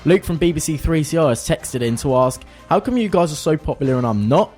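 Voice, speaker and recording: A man's voice: fairly high pitch, expressive, a little fast, a little mellow, soft background music. A man co-hosting a comic fan radio show, reading out listener texts, laughing and stumbling over words.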